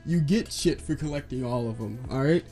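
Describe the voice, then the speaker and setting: A man's voice: mid-range voice, brisk, dark tone, faint music behind. A man hosting a casual gaming podcast over a voice call, upbeat and teasing as he steers the talk. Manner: upbeat, teasing, runs the conversation. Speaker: podcast host.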